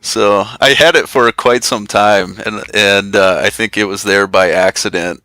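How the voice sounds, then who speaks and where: A man speaking as a podcast guest in casual chat, relaxed and self-deprecating, with lots of fillers and restarts. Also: fairly low pitch, unhurried, no echo, poor audio. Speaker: guest, retro game YouTuber.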